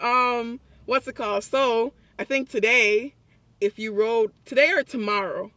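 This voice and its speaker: A young man telling a story to his phone camera in a public place, excited and chatty, often breaking into laughs. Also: very high-pitched, a little slow, no echo. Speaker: vlogger. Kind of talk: casual vlog storytelling.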